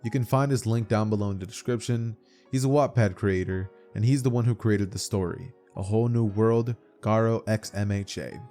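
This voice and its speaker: A man's voice: fairly low pitch, moderate pace, dark tone, faint music behind. A young man narrating a story in a casual, chatty way as storyteller.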